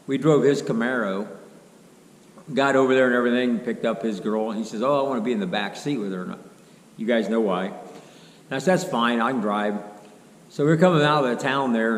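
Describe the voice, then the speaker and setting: A man's voice: mid-range voice, normal speed. A middle-aged man, telling a long rambling story in a casual, folksy way and quoting what others said. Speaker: car restoration vlogger. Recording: roomy echo, faint background hum.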